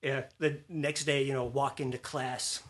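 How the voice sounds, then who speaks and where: Guy with a bright, kinda husky voice telling a funny story, acts out the quotes. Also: mid-range voice, level tone, a little slow. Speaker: former student telling a story. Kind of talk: casual conversation, anecdote.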